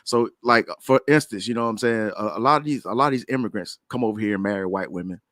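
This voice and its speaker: A man's voice: fairly low pitch, fast talker, fairly bright tone, no room sound, studio quality. Blunt, profane man in heated debate. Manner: blunt, profane, stammering restarts. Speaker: debate panelist.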